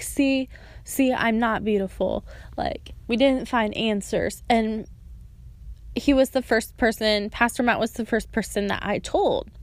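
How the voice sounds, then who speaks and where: A woman's voice: fairly high pitch, fairly bright tone, dry recording. A young woman sharing a personal faith testimony in casual, earnest storytelling, her speech full of "like" and "and so". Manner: earnest and emotional, with frequent "like" and "and so".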